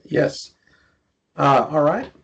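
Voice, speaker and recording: A male student answers his teacher slowly and hesitantly, pausing with ums as he works through his reading. The sound is muffled and lo-fi. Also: on the high side, very animated, gravelly, husky. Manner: hesitant, reads slowly with fillers. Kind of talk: answering in class. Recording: muffled lo-fi class recording.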